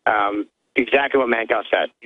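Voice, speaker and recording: Halting male producer on the phone. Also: on the low side, no room sound. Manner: plain, halting with fillers. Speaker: radio producer. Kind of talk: on-air witness account. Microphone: telephone line. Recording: tinny phone line.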